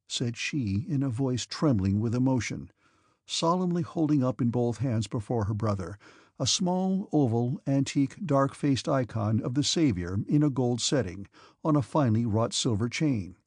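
Guy narrating an old novel, raspy voice, dry close mic, steady pace. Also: mid-range voice, normal speed, dry recording. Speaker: audiobook narrator. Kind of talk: audiobook narration.

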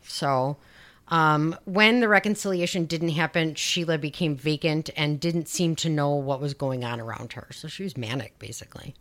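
A woman's voice: sits low, normal speed. A woman hosting a podcast, recounting a true-crime case in a chatty way with sarcastic, sweary asides. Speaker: podcast host. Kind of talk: casual true-crime storytelling.

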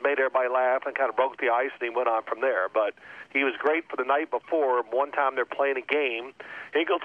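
Male guest, former quarterback, heard over a tinny phone line; lively storyteller who acts out the voices. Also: medium pitch, fairly quick. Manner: animated storyteller acting out coaches' shouting. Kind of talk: telling stories in a radio interview.

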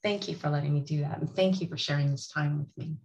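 A woman guest giving a heartfelt, slow and emphatic tribute to the host. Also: low voice, fairly even intonation, highs cut off. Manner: warm, earnest, slow and emphatic. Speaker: author and guest.

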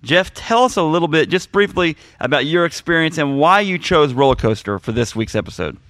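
A man's voice: on the high side, expressive, fairly quick, fairly bright tone, dry recording, clean studio sound. A man from the Missouri Ozarks hosting a podcast, asking questions in an easygoing way. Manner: easygoing, interviewing with fillers. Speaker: podcast host. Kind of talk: casual podcast chat.

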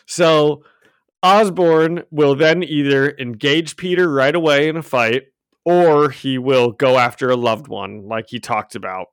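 This man has a mid-range, clear, resonant voice and speaks unhurriedly, with no echo. He co-hosts a casual comics podcast from a home room with a cat, recapping comics on his own desk microphone, chatting and laughing often as he acts out quotes.

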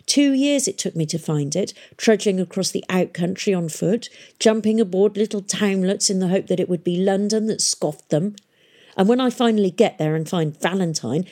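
Bitter teen girl, husky and curt; woman narrator voicing her. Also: fairly low pitch, mellow. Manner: blunt, scornful, clipped. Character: scarred, bitter teenage girl, curt and hostile.

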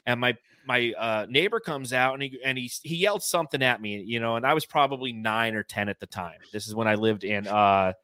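A podcast co-host from California talks a little fast with few pauses, his mid-range voice carrying animated stories and lots of laughs on a casual sports show. The recording is dry.

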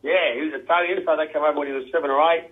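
A man's voice: on the high side, steady tone, very fast. A man with an Australian accent, a guest in a casual chat, who keeps dropping "mate" into his sentences. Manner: chatty, says "mate" constantly. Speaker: guest, former football coach. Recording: tinny phone line.

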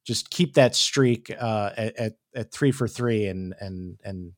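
A man hosting a podcast, asking his guest long, halting questions full of restarts. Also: on the low side, dry recording, studio quality. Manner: hesitant, many restarts when asking questions. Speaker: podcast host. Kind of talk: casual interview chat.

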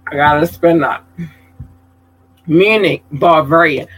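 Effusive male streamer, unhurried delivery, bright forceful tone, affectionate and casually profane. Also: fairly high pitch, steady tone, low-quality recording. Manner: effusive, calls viewers babies, swears casually. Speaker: content creator giving shout-outs. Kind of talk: casual livestream chat.

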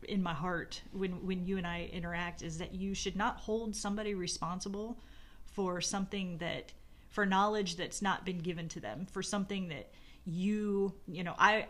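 A woman's voice: lowish voice, fairly bright tone. A middle-aged woman in casual conversation, reflecting at length on her marriage with many fillers and restarts. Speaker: podcast co-host talking about her marriage.

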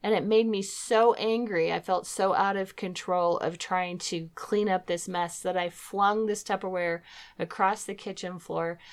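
A middle-aged woman speaks earnestly on a faith talk program, telling her own story. Her voice sits in a middle range. She acts out her past words as she goes. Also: medium pitch. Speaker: co-host of a Christian talk program. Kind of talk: personal testimony in a faith talk.

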